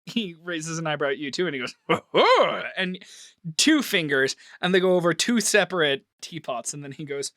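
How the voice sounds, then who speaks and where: A man narrating a tabletop role-play game as its game master. His voice is bright and swings widely in pitch, animated and quick to laugh. The sound is dry and close to the mic. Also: no echo.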